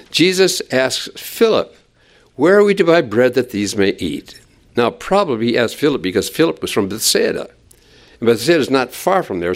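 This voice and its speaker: A man teaching through a Bible passage in an expository sermon, acting out quoted lines with conversational asides. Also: mid-range voice.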